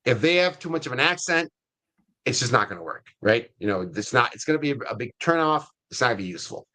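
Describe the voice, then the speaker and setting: A middle-aged man with a US Hispanic accent, hosting a webinar in a casual, energetic way with many fillers and restarts. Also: medium pitch, fast. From Latin America. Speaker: webinar host.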